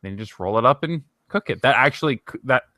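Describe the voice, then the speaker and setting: A young man with a bright, forceful voice chats on a podcast, laughing often and joking along with his co-host. The sound is dry and close, with little room behind it. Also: medium pitch, fast talker, no echo. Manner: laughs often, animated and playful. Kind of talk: casual chat.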